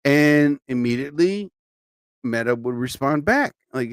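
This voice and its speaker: Man, live-stream host, sleepy, rambling, chatty, mid-pitched voice, dry close mic. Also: big pitch swings, normal speed, no echo. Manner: rambling, chatty, exclaims "oh my God" often. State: sleepy, tired. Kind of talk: casual live-stream chat. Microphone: studio mic.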